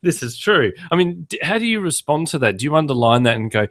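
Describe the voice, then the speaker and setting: A man's voice: a little high, very animated, fast talker, fairly bright tone. A man hosting a podcast in casual chat, tossing in dry jokes and asides. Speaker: podcast host.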